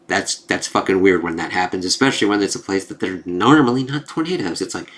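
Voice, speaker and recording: A man's voice: low voice, fairly quick. Casual, profane male comic reviewer. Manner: animated, swears freely, laughs often.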